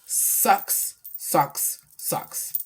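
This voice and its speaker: A middle-aged woman chatting casually about her daughter, animated and slangy as she tells stories. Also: extremely slow. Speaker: vlogger, mother. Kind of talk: casual chat.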